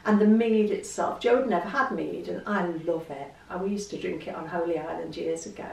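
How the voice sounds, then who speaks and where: English lady chatting to camera, bit of fry in her voice, sounds a bit far off. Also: lowish voice, fairly quick, a little mellow. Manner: chatty, storytelling, laughs easily. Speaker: vlogger. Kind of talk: casual chat to camera. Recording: roomy echo, distant mic.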